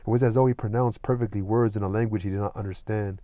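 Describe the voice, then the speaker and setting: Low, mellow male audiobook narrator. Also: steady tone, quick pace, no room sound. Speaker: audiobook reader. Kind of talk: scripted narration with light character voicing.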